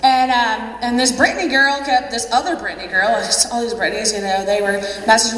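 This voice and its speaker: A woman's voice: fairly high pitch, a little fast, few pauses, fairly bright tone, a little hiss or hum. A woman telling her own story as a convention speaker, chatty, laughing and poking fun at herself. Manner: chatty, laughing, self-mocking. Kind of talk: personal story speech. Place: large convention hall. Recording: echoey hall, distant mic.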